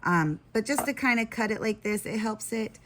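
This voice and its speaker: A woman's voice: fairly high pitch, lively intonation, normal speed, fairly bright tone, slight background noise. A woman hosting a live sewing tutorial, talking chattily with frequent giggles and self-deprecating asides. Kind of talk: casual live sewing demonstration.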